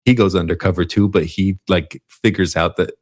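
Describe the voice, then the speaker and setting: Podcast co-host, male, low-pitched; loose rambling plot recap, self-correcting, laughs a lot. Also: steady tone, normal speed, a little mellow, breathy edge. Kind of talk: casual movie recap.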